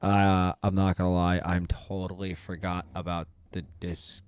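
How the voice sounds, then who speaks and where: A man's voice: low voice, level tone, normal speed, darkish tone, smooth, no room sound. A man from New Jersey hosting a podcast, joking and teasing in casual chat and swearing freely. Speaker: podcast host.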